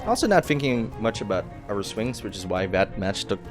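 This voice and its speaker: A man's voice: fairly low pitch, big pitch swings, moderate pace. A tired young man hosting a let's play, rambling casually through tangents and swearing now and then, with faint music behind. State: tired, late night. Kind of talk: casual gameplay commentary.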